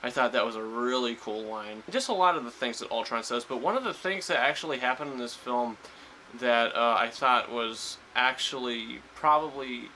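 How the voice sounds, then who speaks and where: A man's voice: medium pitch, normal speed, bright, forceful tone, slight background noise, poor audio. A man giving a casual spoiler review of a film, rambling with lots of fillers and restarts. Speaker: movie reviewer.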